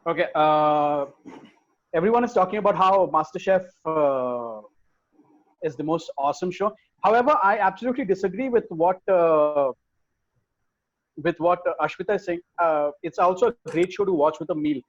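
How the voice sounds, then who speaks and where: A man co-hosting a podcast, reading viewer comments and telling stories in a casual, swearing, animated way. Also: high voice, moderate pace, muffled recording. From India. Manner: swears freely, animated storytelling. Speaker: podcast co-host.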